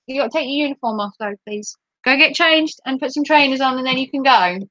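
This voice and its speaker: A woman's voice: high-pitched, fast, a bit bright, no echo, highs cut off. A woman from England with a Norfolk accent, chatting casually on a livestream and answering her chat aloud. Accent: Norfolk English.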